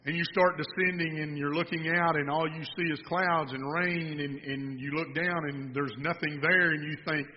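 A man's voice: fairly high pitch, fairly even intonation, moderate pace, hardly any pauses. A man preaching a sermon, telling a folksy story and joking with the congregation. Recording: dull sound with long reverb in a hall.

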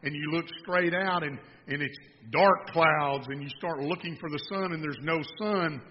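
Folksy preacher in a reverberant hall. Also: male voice, fairly high pitch, normal speed, a little hiss or hum. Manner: folksy storytelling, joking with the audience. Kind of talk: sermon. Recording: dull sound with long reverb in a hall.

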